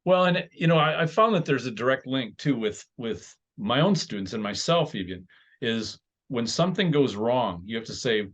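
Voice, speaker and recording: A man hosting a conversational podcast, explaining his views in a measured, step-by-step way. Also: mid-range voice, lively intonation, fairly bright tone. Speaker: podcast host. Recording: dull lo-fi sound.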